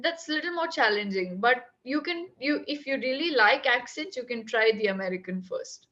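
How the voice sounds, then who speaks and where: A woman's voice: a little high, animated, moderate pace, pushed and bright, muffled recording. A woman, tutoring a student over a video call. She is encouraging and keeps checking in with "right?" and "okay?". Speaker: English tutor. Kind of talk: online tutoring session.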